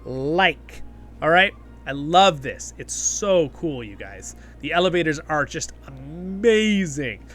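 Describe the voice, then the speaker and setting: Bright, lively man gushing in a review. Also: fairly high pitch, slow. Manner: enthusiastic, rambling, keeps asking "right?". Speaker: host of a fan review channel. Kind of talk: casual episode review.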